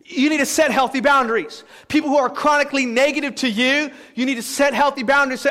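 High-voiced preacher man in a reverberant hall. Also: fairly even intonation, fairly quick, hardly any pauses, a bit bright. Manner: emphatic, repetitive, acts out quoted speech. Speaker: pastor. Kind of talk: sermon.

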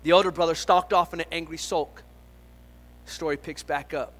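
A man's voice: a little high, fairly even intonation, moderate pace, fairly bright tone, rough recording. A man preaching a sermon as pastor, earnest and emphatic, driving points home with repetition.

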